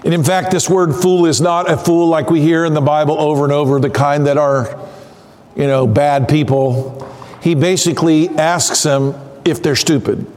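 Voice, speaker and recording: A man preaching a sermon in an earnest, conversational way, pausing and sighing as he talks. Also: a little high, steady tone, a little mellow, in a large hall. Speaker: pastor.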